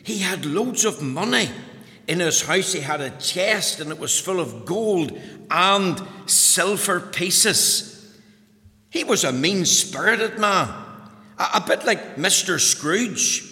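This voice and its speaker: A man tells a children's story in a lively way, asking the boys and girls questions as he goes. His voice is high and bright. It carries a long reverb, as if in a large hall. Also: slow. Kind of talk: telling a children's story aloud.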